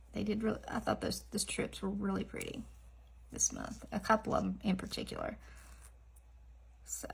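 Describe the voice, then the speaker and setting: Chatty woman, gravelly and husky. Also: mid-range voice. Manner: rambling, laughs often, drops into soft asides. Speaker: nail art vlogger. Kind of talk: casual chatty vlog.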